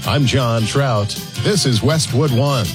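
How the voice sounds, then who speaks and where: A man's voice: mid-range voice, takes it slowly, loud music behind the voice. A man anchoring a radio news program, reading headlines and introducing reports. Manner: lively anchor delivery. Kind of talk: radio newscast.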